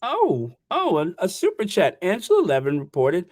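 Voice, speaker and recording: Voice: medium pitch, huge pitch swings, moderate pace, a little mellow, no room sound, clean studio sound. A livestream host chatting casually, rambling and stammering while reading viewer messages aloud.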